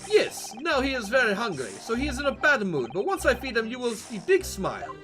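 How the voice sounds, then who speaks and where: A man's voice: high-pitched, wildly swooping pitch, normal speed, fairly bright tone, soft background music, heavily acted. A man reading game dialogue aloud, voicing a burly foreign male sailor who speaks blunt, broken English. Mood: proud.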